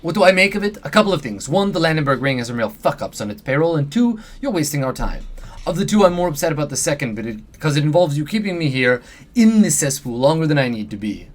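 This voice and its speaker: A man's voice: fairly high pitch, very animated, fast, soft background music. A man voicing an impatient, exasperated male fixer with a sarcastic manner. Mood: irritated. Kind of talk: reading game dialogue aloud.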